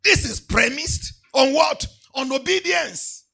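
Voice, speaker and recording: A man with a Nigerian English accent preaching a sermon, moving from quiet asides to shouted, sing-song declarations. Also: very high voice, expressive, takes it slowly, vocal fry, faint music behind. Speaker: pastor.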